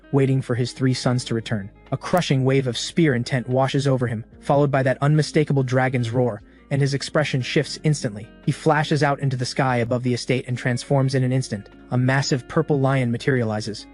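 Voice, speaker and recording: A man narrating a scripted story recap in a steady, dramatic storytelling manner. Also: mid-range voice. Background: faint music.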